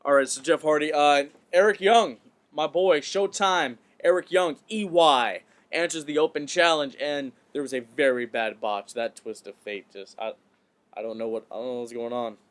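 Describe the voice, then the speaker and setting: A man's voice: on the high side, moderate pace. Stammering man chatting about wrestling. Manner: hesitant, repeats words and restarts often. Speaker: podcast co-host. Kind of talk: casual wrestling chat.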